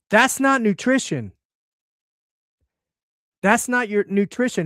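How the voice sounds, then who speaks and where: A man's voice: high-pitched, no echo, studio quality. A man hosting a casual health commentary, talking bluntly and emphatically and checking in with "okay?" as he repeats his points. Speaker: show host.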